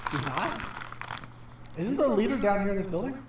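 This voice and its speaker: A man's voice: sits high, sing-song, normal speed, slight background noise. A man casually chatting and joking while streaming a game, swearing freely. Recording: roomy sound from a distant mic.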